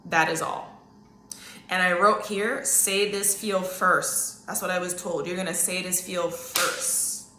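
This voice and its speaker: A Canadian woman hosts a solo psychic-reading podcast, chatting casually and speaking directly to her listeners with frequent okays. Her voice sits on the low side, steady and a little slow, with a pushed, bright quality. The recording sounds roomy.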